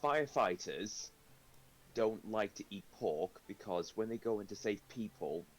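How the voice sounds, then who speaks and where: A man's voice: fairly low pitch, animated, measured pace, low-quality recording. A man playing a tabletop game, breaking in with earnest explanatory asides. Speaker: player.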